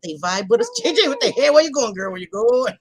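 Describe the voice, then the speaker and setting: A woman's voice: a little high, expressive, fast, noisy background. A woman hosting a casual livestream, hyper and profane, greeting viewers with pet names. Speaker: livestream host.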